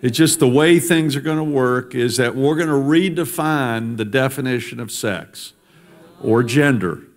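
A man with a mid-range voice speaks a little slowly as he addresses a congregation in a church sanctuary. He is a politician whose emphatic speech builds its points through repetition.

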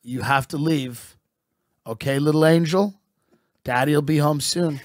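A man's voice: a little high, unhurried, no room sound, clean studio sound, lightly acted. A man voicing a callous barfly father, offhand and dismissive.

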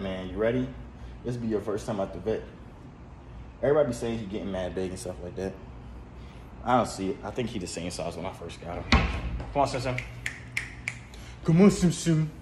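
Young male vlogger, relaxed rambling delivery, faint room noise. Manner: laid-back, rambling, talks to his cat in high coaxing tones. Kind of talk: casual vlog chat. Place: at home, then in a car.

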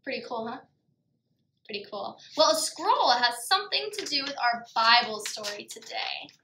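A woman leads a children's Bible lesson in a bright, high, lively voice that swoops up and down. She talks in a sing-song way, gasping and exclaiming for preschoolers. The sound carries an echo from the room. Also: normal speed, slight background noise. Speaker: preschool teacher.

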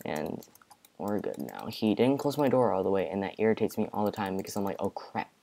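Excitable young man gaming at home. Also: lowish voice, a little fast, creaky. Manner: excitable, panicky outbursts, many repeated exclamations. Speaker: gaming video creator. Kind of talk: casual let's-play commentary with a friend. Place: home bedroom.

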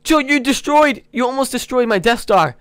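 A young man hosting a modded game, chatting excitably to viewers and slipping into playful villain role-play. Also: very high voice, normal speed, clean tone, no room sound. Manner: excitable, keeps addressing viewers as guys. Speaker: gaming channel host.

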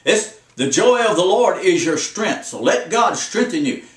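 A preacher in his seventies gives a folksy, exhorting sermon, repeating his points in a sing-song, unhurried way. His voice sits high for a man, and he stands some distance from the mic in an echoey room.

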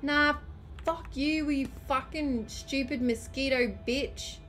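A woman's voice: high-pitched, slow, a bit bright, a little hiss or hum. A woman streaming gameplay, ranting and swearing at the game as she plays. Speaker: gamer streamer. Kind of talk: gameplay commentary.

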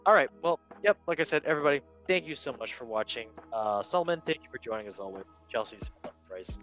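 A man's voice: mid-range voice, animated, a bit bright, faint music behind. Playful young man hosting a chat show. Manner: chatty, playful, quick to laugh at his own jokes. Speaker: podcast host. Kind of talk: casual chat reading football memes.

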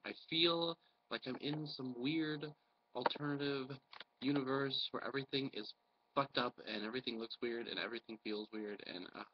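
A man's voice: medium pitch, normal speed, a little hiss or hum. Man vlogging while sick with a cold; blunt, profane, rambling rant; muffled lo-fi recording. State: has a cold. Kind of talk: casual ranting vlog.

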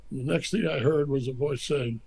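Gravelly older man telling stories. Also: medium pitch, fairly quick, low-quality recording. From United States. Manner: animated storyteller acting out quotes. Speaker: former ambassador, guest. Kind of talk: anecdotal interview storytelling.

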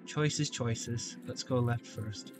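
A man giving let's play commentary on a shooter, jokey and taunting enemies with sudden shouts. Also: mid-range voice, slow pace, music in the background. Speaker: gameplay commentator.

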